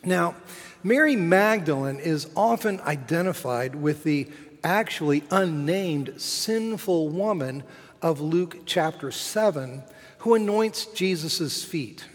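Slow-preaching man in a cathedral. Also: on the high side, expressive. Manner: slow, measured preaching with emphatic rises. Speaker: cathedral dean. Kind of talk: sermon. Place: large cathedral. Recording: long hall reverb.

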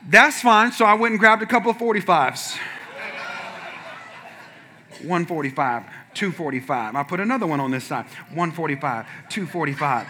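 A man preaching as a pastor, telling a funny personal story in a lively way and acting out the other people in it with sudden shouts. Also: fairly high pitch, normal speed, slight background noise. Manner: animated, acts out quotes with sudden shouts. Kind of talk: humorous sermon storytelling.

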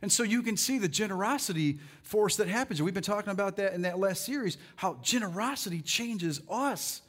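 A male pastor preaching a sermon, rallying the congregation and reading scripture slowly and deliberately. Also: high-pitched. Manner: animated, rallies the crowd with "come on".

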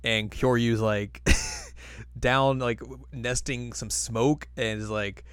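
A man in a relaxed podcast chat with a mid-range voice and a close, dry sound. He recaps the story between laughs. He often slips into quick silly character voices. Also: mid-range voice, clear, resonant tone, no room sound. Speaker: podcast co-host recapping an anime episode. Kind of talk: casual chat.

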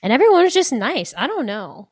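Very animated and fairly quick, this young female podcast co-host has a high voice with a breathy edge. She chats casually, saying "like" constantly, in a dry, clean studio recording.

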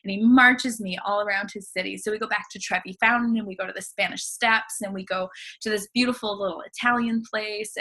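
A woman from the United States spins a relaxed travel anecdote as a podcast guest. Her voice is bright and forward, and her talk runs breezy and chatty, sprinkled with casual fillers. Her pitch sits in the middle. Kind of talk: casual storytelling.

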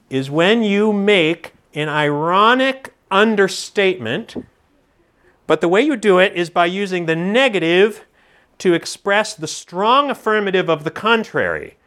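Guy preaching slow in church, voice swings up and down a lot, kinda teachery. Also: high-pitched. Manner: animated, teacherly, jokes with the congregation. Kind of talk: expository sermon.

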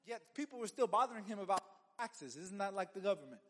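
A man's voice: high voice, lively intonation, quick pace, fairly bright tone, big-room sound. A man preaching a sermon as a pastor, in a conversational way with joking asides and frequent restarts.

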